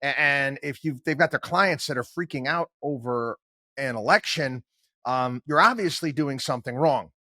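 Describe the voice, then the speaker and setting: A man's voice: medium pitch, moderate pace, sharp tone, dry recording. An older man hosting a podcast, talking in a casual, rambling monologue with lots of fillers and restarts, plain-spoken and wry. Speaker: podcast host and financial commentator.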